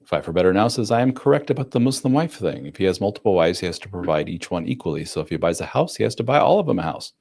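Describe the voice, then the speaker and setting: A man's voice: deep voice, very animated, fast talker, gravelly, few pauses, a little mellow. A middle-aged man hosting a live chat, talking casually and bluntly, acting out the people he quotes. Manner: blunt, acts out quoted voices, fillers like "blah, blah". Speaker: livestream host answering chat.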